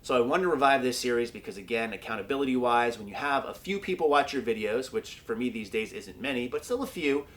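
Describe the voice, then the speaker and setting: A man's voice: medium pitch, expressive, fast, few pauses, a bit bright. A young man chatting casually in a training vlog, laid-back and joking, with the odd swear word. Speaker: powerlifting vlogger.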